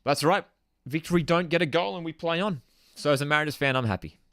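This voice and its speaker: A man's voice: on the high side, fast, fairly bright tone, clean tone, dry recording, clean studio sound. A young man hosting a live football watchalong, ranting in exasperation and casual slang while reading out chat messages. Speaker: host of a football watchalong stream.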